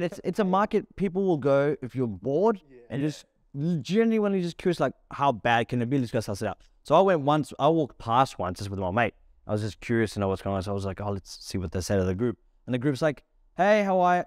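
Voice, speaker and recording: Aussie guy telling a story fast, voice jumping all over, dry close mic. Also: medium pitch, no echo. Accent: Australian. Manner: animated storyteller, acts out quotes, laughs often. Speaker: podcast host. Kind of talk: casual chat, storytelling.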